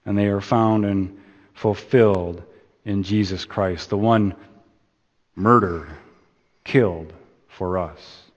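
A man preaching a sermon, slow and deliberate, building emphasis and then easing off at the ends of phrases. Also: lowish voice, fairly even intonation. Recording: dull sound in a reverberant hall.

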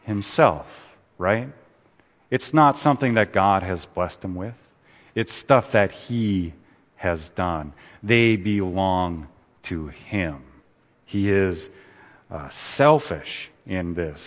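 Male preacher, low pitch, unhurried and emphatic sermon delivery, echoey hall. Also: a bit bright. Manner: deliberate, emphatic, stresses key words.

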